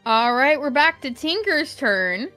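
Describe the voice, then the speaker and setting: A woman narrating as game master of a tabletop game, unhurried and hesitant, with many fillers. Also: high voice, sing-song, bright, forceful tone, faint music behind.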